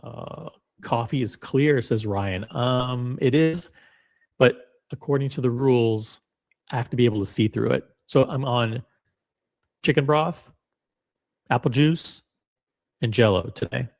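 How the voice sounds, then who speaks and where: A man hosting a live commentary show, talking at an ordinary mid-range pitch. His delivery is dry and sarcastic, full of wry asides as he greets viewers in the chat. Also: unhurried, creaky, pauses often, darkish tone. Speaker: livestream commentary host.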